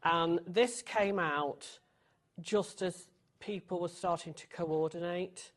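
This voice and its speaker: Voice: mid-range voice, steady tone, slow pace. A guest designer in their sixties, friendly and matter-of-fact, recalling past work in a studio chat.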